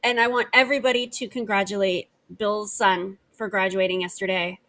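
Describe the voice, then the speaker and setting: A woman's voice: medium pitch, steady tone, a little fast, pushed and bright. A woman co-hosting a casual chat show, talking in a chatty, upbeat way. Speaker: podcast co-host. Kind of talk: casual chat reacting to court videos.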